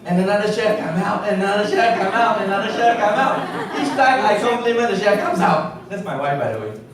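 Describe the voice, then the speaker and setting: A man's voice: high voice, expressive, fairly quick, a crowd in the background. A middle-aged man giving a humorous sales seminar talk, telling stories and chuckling at his own jokes. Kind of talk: humorous storytelling talk to an audience. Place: large hall before an audience. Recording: echoey hall from far off with noise.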